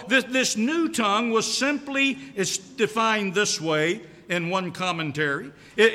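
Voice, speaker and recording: A man preaches a sermon in a church, his voice high and bright. He hammers his points home with repetition and rhetorical questions. The sound carries a long hall reverb. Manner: emphatic, repeats key lines, rhetorical questions. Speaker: pastor.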